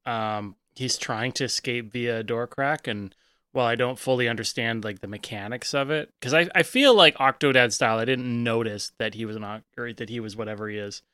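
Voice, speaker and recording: A man rambles through his turn in a comedy tabletop game, cutting himself off mid-thought. His voice is bright and smooth, recorded close and dry. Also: medium pitch, fairly quick, dry recording. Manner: rambling, self-interrupting. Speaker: guest player.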